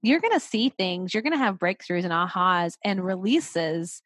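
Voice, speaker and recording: A woman's voice: fairly low pitch, lively intonation, normal speed, a bit bright, no room sound. A woman guest on a podcast, talking in an earnest, encouraging way and repeating phrases for emphasis. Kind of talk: casual conversation.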